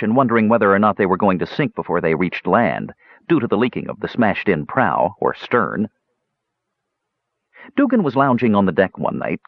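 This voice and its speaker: A man reading a fantasy audiobook aloud in an expressive narration. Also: fairly low pitch, dry recording. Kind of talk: scripted narration. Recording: dull lo-fi dry recording.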